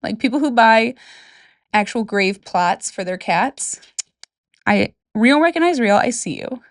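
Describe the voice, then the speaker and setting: A woman's voice: fairly high pitch, animated, unhurried, dry recording, clean studio sound. A young woman from Michigan, speaking with a Michigan accent, hosts a casual solo talk about folklore from her bedroom, chatty and joking with whispered asides. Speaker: podcast host.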